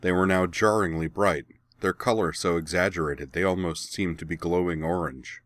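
A man giving steady, measured scripted narration of a story. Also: low-pitched, no room sound, studio quality.

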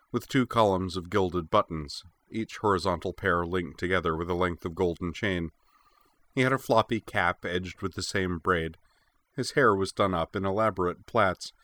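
A man narrating a fantasy audiobook in a measured, even storytelling voice. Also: sits low. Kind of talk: scripted narration.

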